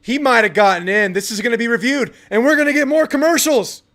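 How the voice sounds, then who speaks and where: A young man hosting a live football watch party, reacting excitedly and ranting with frustration. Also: very high-pitched, quick pace. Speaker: sports channel host.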